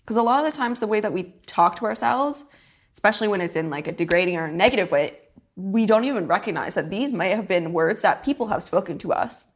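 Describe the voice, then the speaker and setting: A woman's voice: mid-range voice, expressive, fast talker. Young woman chatting loosely, lots of likes and laughs, swears here n there. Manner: laughs often, heavy use of "like", swears casually. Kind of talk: casual chat.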